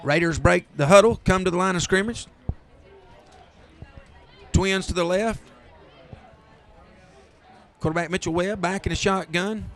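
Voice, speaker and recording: A man with a Southern accent calling high school football play by play, rising to excited near-shouts on big runs. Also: measured pace, pauses often. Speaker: play-by-play announcer.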